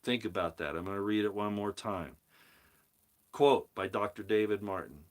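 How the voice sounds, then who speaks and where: A man's voice: on the low side, moderate pace, fairly bright tone. A man hosting a casual live stream monologue, rambling, often repeating and restarting words, and pressing his points with rising emphasis. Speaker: host of a live commentary stream. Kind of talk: casual monologue, reading viewer comments.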